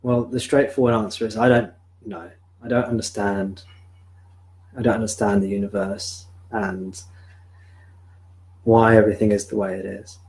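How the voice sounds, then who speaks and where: A man, a spiritual teacher, speaking calmly and reflectively at a live-streamed home satsang into a sensitive desk microphone. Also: on the low side, low-quality recording. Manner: calm, reflective, answers viewer questions slowly. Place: home room.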